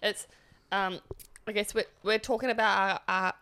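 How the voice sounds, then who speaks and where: Podcast co-host, NZ woman around thirty, giggly and rambling, slight fry. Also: mid-range voice, fairly even intonation, normal speed, sharp tone. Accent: New Zealand. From New Zealand. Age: late 20s to early 30s. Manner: giggly, chatty, trails off mid-sentence. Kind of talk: casual chat.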